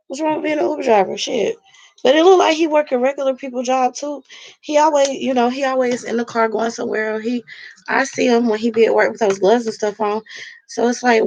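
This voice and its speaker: A woman's voice: on the high side, gravelly. A woman talking straight to her vlog audience, bluntly and profanely, telling a heated personal story while she crafts a wreath. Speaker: vlogger. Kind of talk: casual vlog rant.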